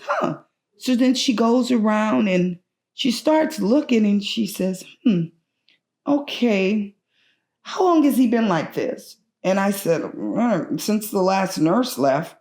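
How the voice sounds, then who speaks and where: A middle-aged woman, a patient's mother, recounts a personal story in an anxious, animated way and acts out other people's lines. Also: medium pitch. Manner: anxious and urgent, frequent restarts.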